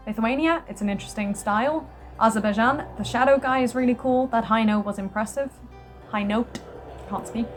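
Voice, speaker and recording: A young woman from the UK chatting casually as a vlogger while reading out her own notes, excitable, laughing often, and breaking into surprised exclamations. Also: a little high.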